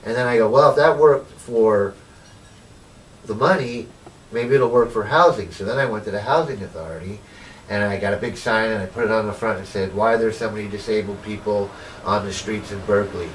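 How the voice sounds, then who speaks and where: An activist interviewed for a documentary tells his story casually, rambling with lots of "you know" and acting out what people said. His voice is fairly low and fairly bright, and he speaks fairly quickly. A distant mic picks up faint ambient noise.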